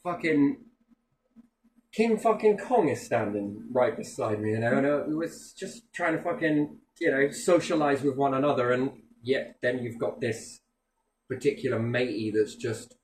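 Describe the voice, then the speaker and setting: A man's voice: mid-range voice, moderate pace. A man with a mid-range voice tells stories in a loose, casual chat. He is blunt and swears constantly, acting out the people he quotes. The room around him is echoey, with a faint hum beneath.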